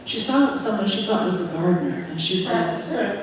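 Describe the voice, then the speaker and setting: A woman minister telling a simple story to children during a church service, in a gentle, plain way. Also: on the low side, animated, moderate pace, background noise. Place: large church sanctuary. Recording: echoey sanctuary from far off.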